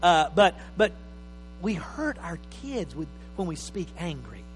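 A man preaching a sermon as pastor, emphatic, swinging between loud and soft. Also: on the high side, big pitch swings, a little slow, soft background music. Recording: reverberant hall with faint mains hum.

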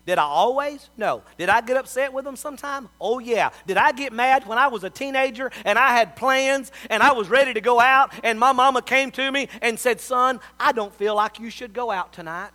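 High bright preacher. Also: male voice, a little fast, hardly any pauses. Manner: folksy storytelling preacher. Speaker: pastor. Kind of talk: sermon.

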